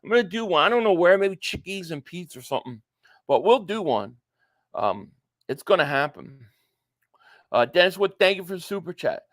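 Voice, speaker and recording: A man's voice: high-pitched, big pitch swings, normal speed, fairly bright tone, no room sound, clean studio sound. A man hosting a casual live stream, chatting and reading viewer comments aloud.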